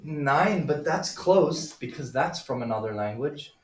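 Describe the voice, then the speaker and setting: A man's voice: mid-range voice, animated, measured pace. A man teaching a German class, patiently explaining pronunciation and calling on students by name. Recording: roomy classroom from far off.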